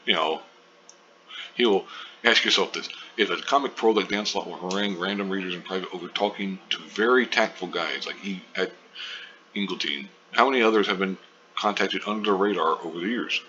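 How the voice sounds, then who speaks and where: A man's voice: low voice, a little fast, pushed and bright. A man giving rambling, profane casual commentary, full of fillers and loose asides. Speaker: online commentary host. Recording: dull lo-fi with faint hiss.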